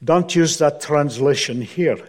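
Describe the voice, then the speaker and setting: A man voicing a stern older Scottish minister with a put-on Scottish accent, blunt and deadpan. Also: on the high side, unhurried, natural voice. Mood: dry.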